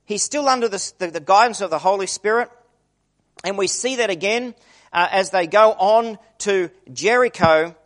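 A man's voice: sits high, normal speed, fairly bright tone. A middle-aged man preaching a conversational sermon, acting out the quoted voices he describes.

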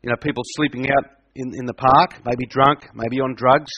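A man's voice: medium pitch, steady tone, moderate pace, a bit bright, slightly rough, lo-fi sound. A middle-aged man preaching a sermon. He hammers his points home by repeating them and keeps asking his listeners questions. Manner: emphatic, repeats points, asks the audience questions.

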